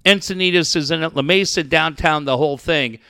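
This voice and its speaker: Radio co-host, man, slightly high voice, profane rants and ad reads. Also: a little fast, gravelly, clean tone, dry recording, clean studio sound. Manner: crude, bursts into shouting rants. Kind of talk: profane comedic banter with live ad reads.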